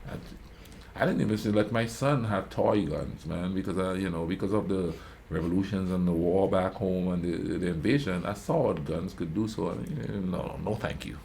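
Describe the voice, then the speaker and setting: A man's voice: low-pitched, normal speed, creaky, slight background noise. A man hosting a reaction video, telling rambling anecdotes in a casual way and often asking "you know what I mean?". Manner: calls himself a quiet talker. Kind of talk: casual storytelling commentary.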